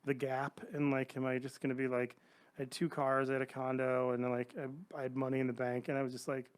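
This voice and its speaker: A middle-aged man on a podcast, casually telling an animated story and acting out the other people's lines. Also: mid-range voice, quick pace. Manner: animated anecdotes, acts out quoted voices. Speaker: podcast guest.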